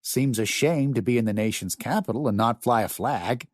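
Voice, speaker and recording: A man voicing a gentle, awkward elderly great-grandfather in an audiobook, talking in a tentative, coaxing way. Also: mid-range voice, moderate pace, dry recording, studio quality, lightly acted. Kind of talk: audiobook character voice.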